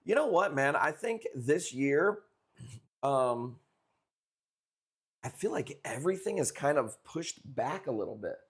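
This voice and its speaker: A man's voice: mid-range voice, lively intonation, measured pace, long pauses, slightly rough. A young man from the Chicago area chatting loosely with viewers during a live coral auction stream, swearing casually as he talks. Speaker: livestream coral seller. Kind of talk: casual livestream chat.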